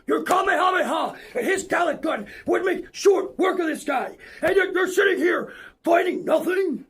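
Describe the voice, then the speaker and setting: Woman shouting as a stern alien warrior. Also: very high-pitched, expressive, moderate pace, a little hiss or hum. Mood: scolding. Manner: shouting, exasperated scolding. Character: stern green male alien warrior, scolding.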